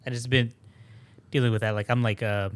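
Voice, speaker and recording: A man's voice: mid-range voice, fairly even intonation, a little fast, clear, resonant tone. A man co-hosting a podcast, talking hesitantly and rambling with lots of fillers. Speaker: podcast co-host. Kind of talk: casual chat.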